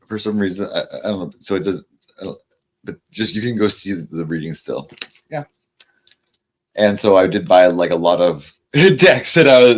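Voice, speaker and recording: A man with a fairly low voice chats casually with his livestream viewers while pulling tarot cards. He rambles, stammers through restarts, and slows down to read each card's message aloud. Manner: reads card messages aloud slowly. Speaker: tarot reader.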